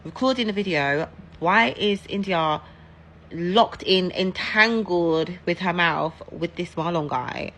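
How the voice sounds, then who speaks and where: An English woman with a low voice tells a story-time tale in a chatty, gossipy way. She leans hard on her points, and faint noise sits under her voice. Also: slow pace, a bit bright. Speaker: social media storyteller.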